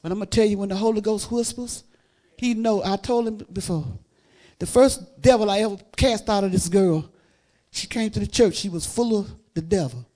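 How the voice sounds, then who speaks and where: A woman preaching a sermon, moving between fervent, loud exclamations of praise and quiet, intimate storytelling. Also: medium pitch, normal speed.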